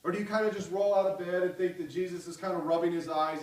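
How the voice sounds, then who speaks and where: A man preaching a sermon with great passion, swinging from loud cries down to soft pleading. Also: fairly high pitch, little pitch movement, fast talker, few pauses, distant mic. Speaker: pastor. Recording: echoey hall, voice from off the mic.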